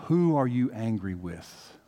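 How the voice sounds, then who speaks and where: A man's voice: medium pitch, big pitch swings, a little slow, warm tone. A man from the American South preaching a conversational sermon as pastor, talking directly to his congregation and rising into emphatic bursts. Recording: long hall reverb.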